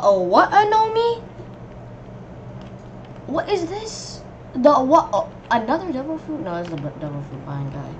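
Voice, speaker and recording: A woman giving casual, rambling commentary on her gameplay, reacting excitably and yelping when enemies swarm her. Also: mid-range voice, lo-fi sound, slight background noise. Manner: excitable, yelps and shrieks at enemies; rambling running reactions to the game. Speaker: gamer.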